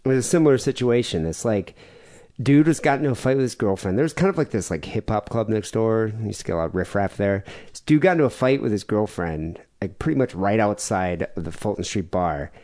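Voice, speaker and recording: A man in his forties hosts a podcast, telling stories in casual chat, acting out the people he quotes and laughing often. His voice is on the low side and darkish in tone, and he speaks fairly quickly and animatedly.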